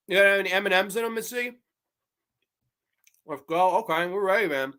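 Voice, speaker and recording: A man's voice: sits high, moderate pace, long pauses, sharp tone, smooth. A man hosting a casual horror livestream, reading chat aloud and chatting while snacking on candy. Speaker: livestream host.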